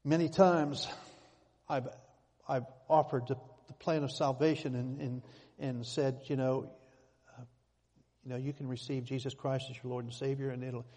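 A man's voice: medium pitch, little pitch movement, normal speed, pauses often, a little mellow, in a large hall. A man preaching a sermon, telling stories with sudden emphatic swells. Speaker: pastor.

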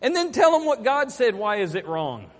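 A man's voice: extremely high pitch, big pitch swings, moderate pace. A man preaching a sermon, emphatic and fond of repeating his key phrases. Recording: long hall reverb.

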